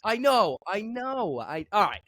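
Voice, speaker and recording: High, lively-voiced male podcast co-host. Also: unhurried, no room sound. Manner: blunt, curses, laughs often. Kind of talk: casual sports chat. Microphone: remote call, lagging line.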